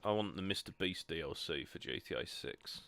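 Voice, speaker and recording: A man's voice: low-pitched, lively intonation, moderate pace, gravelly, a bit bright, no room sound. A young man hosting a gaming video, chatting casually and self-deprecatingly with lots of ums. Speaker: gaming channel host. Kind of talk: casual gameplay chat.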